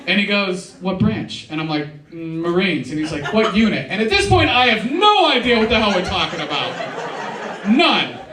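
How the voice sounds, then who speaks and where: A man's voice: high voice, big pitch swings, normal speed, background noise. A young man performing a casual stand-up comedy set at a live show, often saying "dude". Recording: roomy live sound, mic at a distance.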